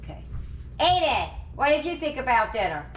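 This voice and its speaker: A woman's voice: high-pitched, sing-song, moderate pace, reverberant, slight background noise. A woman hosting a casual home cooking vlog from her dining table, upbeat and chatty as she gets her family to taste the meal. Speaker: cooking channel host.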